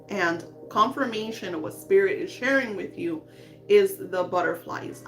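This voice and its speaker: Soothing woman giving a psychic reading. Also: mid-range voice. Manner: soft, soothing, spiritual affirmations. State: emotional. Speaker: psychic reader.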